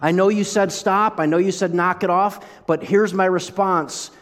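A man's voice: sits high, steady tone, moderate pace. Man preaching in a reverberant hall. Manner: conversational, asks the audience questions. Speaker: pastor. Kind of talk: sermon.

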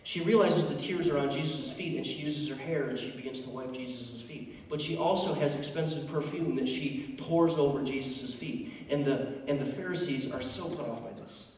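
A man's voice: medium pitch, normal speed, few pauses, a little mellow. A male pastor preaching a sermon in a conversational, emphatic storytelling manner, recorded in a large church. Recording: echoey hall, distant mic, faint noise.

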